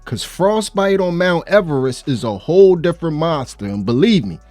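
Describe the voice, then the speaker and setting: A man's voice: a little high, sing-song, normal speed, darkish tone, dry recording, faint music behind. Host, man, loose and chatty reaction commentary. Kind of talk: casual commentary.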